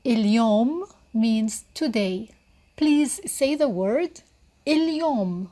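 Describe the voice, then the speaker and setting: Slow, patient woman teaching Arabic. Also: a little high, expressive, dark tone. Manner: slow, patient, repeats words for the learner. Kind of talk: beginner language lesson.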